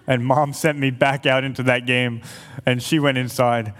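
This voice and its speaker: A man's voice: medium pitch, steady tone, moderate pace, a bit bright. A man giving an earnest sermon to an audience, telling a personal story with light humorous asides. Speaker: speaker to an audience. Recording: long hall reverb.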